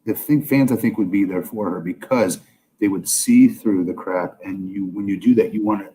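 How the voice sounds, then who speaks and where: A man, a podcast guest, talking casually and bluntly about wrestling, often exasperated and quick with asides. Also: on the low side, warm tone, slight background noise, poor audio. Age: older. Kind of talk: casual wrestling review chat.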